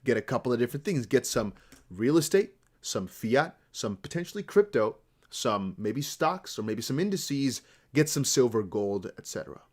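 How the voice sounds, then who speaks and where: Crypto streamer, male, from the Netherlands, near-American accent, lively swinging delivery, loose off-the-cuff chatter. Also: medium pitch, normal speed. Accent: American-sounding English with slight Dutch traces. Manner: rambling, animated, talks to chat. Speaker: crypto livestream host. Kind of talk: casual livestream chat.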